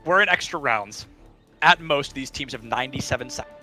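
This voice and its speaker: Fast-talking excitable male esports caster. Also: mid-range voice. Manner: excitable, quick play-by-play calls. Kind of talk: live esports commentary. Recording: game music and sounds behind.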